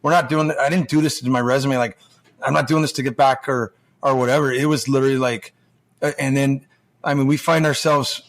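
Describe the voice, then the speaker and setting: A man in his forties tells loose stories as a podcast guest at a middle pitch, rambling and restarting as he goes. He swears freely and acts out the other voices in his stories. His delivery is casual and conversational. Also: steady tone, fairly quick. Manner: rambling, profane, acts out quoted dialogue. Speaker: podcast guest, former pro hockey player now junior coach. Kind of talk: casual storytelling chat.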